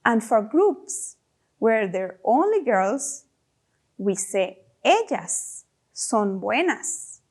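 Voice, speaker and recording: A woman leads a children's Spanish lesson, voicing each phrase slowly and plainly for learners to copy. Her voice sits fairly high and moves with lively, animated intonation. She keeps prompting her listeners to repeat, praising them as they go. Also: slightly rough. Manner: slow, drawn-out model phrases for repeating. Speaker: Spanish teacher.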